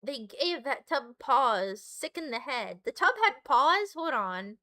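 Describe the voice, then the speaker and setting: A woman's voice: sits high, big pitch swings, takes it slowly, pushed and bright, dry recording, clean studio sound. A woman streamer reading a webcomic aloud and chatting to her viewers in a giggly, rambling, self-deprecating way. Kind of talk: casual live-stream reading with chat asides.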